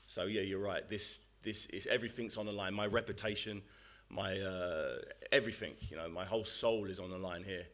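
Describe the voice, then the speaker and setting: A boxer at a press conference who answers questions in a measured, determined and earnest way. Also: male voice, low-pitched, fairly even intonation, fairly bright tone.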